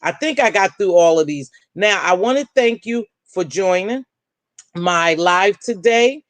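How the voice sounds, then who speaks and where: A woman's voice: unhurried, no room sound. Preachy woman live-streaming, calling everyone baby. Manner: preachy and emphatic, calls viewers "baby"; animated, swings pitch up and down. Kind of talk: casual live stream commentary, reading chat.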